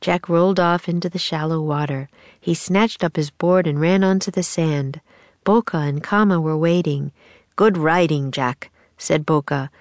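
A woman reading a children's chapter book aloud in a clear, measured storytelling voice. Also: deep voice, steady tone, darkish tone, no room sound. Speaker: audiobook narrator.

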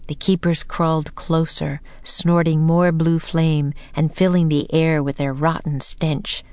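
A woman narrating a children's audiobook in a slow, deliberate reading voice. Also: low voice, level tone, a little mellow, smooth, dry recording.

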